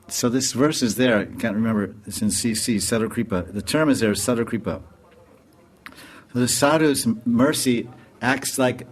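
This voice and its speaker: Animated man telling a devotional story. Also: fairly low pitch. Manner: animated, laughs through the story. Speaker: swami giving a lecture. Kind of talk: storytelling lecture.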